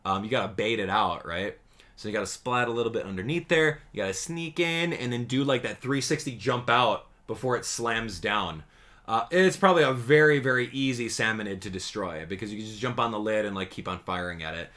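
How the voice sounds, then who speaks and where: A gaming YouTuber man giving slangy, excitable commentary on a game trailer, swinging between hype and sarcasm. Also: fairly low pitch, brisk.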